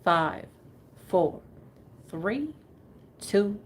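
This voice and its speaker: A chatty woman with a middle-pitched voice hosts a live vintage sale, rambling and giggling as she shows off items. Her speech is sing-song and very slow, in the style of casual live selling chat, with faint noise behind her.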